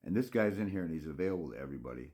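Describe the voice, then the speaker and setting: Guy ranting at his viewers, dark mellow voice, swears a lot, scolds, trails off and restarts. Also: very deep voice, lively intonation, rapid-fire. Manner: scolding, blunt and profane; rambling with restarts and mocking asides. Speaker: father's rights consultant.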